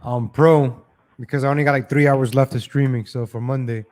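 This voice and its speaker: A man hosts his own live stream from home, talking loosely and off the cuff into a streaming mic. His voice sits in an ordinary middle pitch. He keeps turning to his viewers with a showman's "ladies and gentlemen.". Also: fairly even intonation, a little fast. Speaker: livestream show host. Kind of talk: rambling live-stream monologue.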